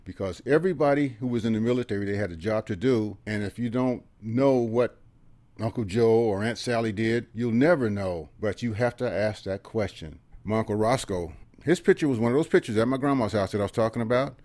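An older man, a veteran in his seventies, recounts memories to an interviewer in a low voice. He talks earnestly, sinks into hushed asides and tags on a questioning "okay?". The sound is close and dry, with no room around it. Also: a little fast, dry recording. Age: 70s. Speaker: military veteran guest. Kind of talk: personal storytelling in an interview.

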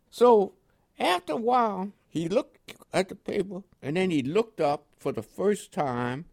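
An older man from Panama with a New York accent touched by West Indian inflections, telling his life story in an oral history interview. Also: high-pitched. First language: French. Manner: lively, animated storyteller who acts out quoted voices.

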